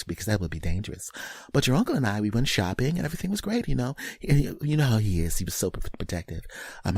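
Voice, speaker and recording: A man's voice: on the low side, darkish tone, dry recording, clean studio sound. A man voicing a chatty middle-aged auntie who rambles with lots of ums, as a comedy sketch voice.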